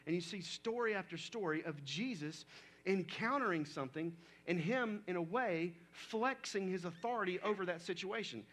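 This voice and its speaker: Man, pastor, conversational sermon, reads scripture aloud, higher voice. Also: normal speed, fairly bright tone. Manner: conversational preaching with scripture reading.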